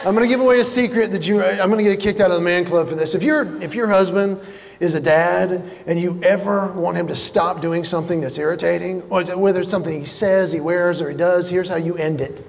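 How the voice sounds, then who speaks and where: High-voiced man doing stand-up in a hall. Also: a little fast, creaky. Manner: animated storytelling, acts out other people's lines. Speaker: comedian. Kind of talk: stand-up comedy to a live audience. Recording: hall reverb with faint noise.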